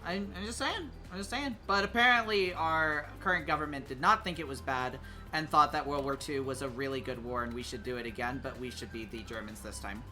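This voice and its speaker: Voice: medium pitch, brisk, sharp tone, soft background music. A streamer chatting casually while playing a game, hesitant with many fillers and restarts, sometimes humming tunes. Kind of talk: casual gaming stream chat.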